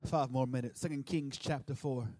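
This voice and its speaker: A man preaching a sermon with emphasis, swinging from loud declarations to soft, low asides and calling on the congregation to answer aloud. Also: steady tone, normal speed. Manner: urges the congregation to respond aloud.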